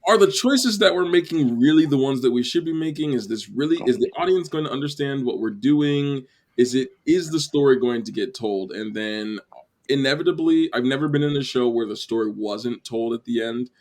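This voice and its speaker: A man's voice: medium pitch, animated, brisk, darkish tone. A man hosting a casual theater panel chat, rambling with restarts and laughter. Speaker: podcast host.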